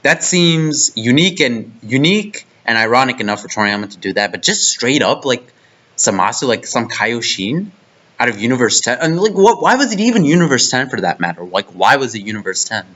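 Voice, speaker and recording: A man's voice: mid-range voice, expressive, normal speed, pushed and bright. A young man reviewing an anime arc in a profane, exasperated rant full of restarts. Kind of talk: ranting video review. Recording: dull lo-fi mic.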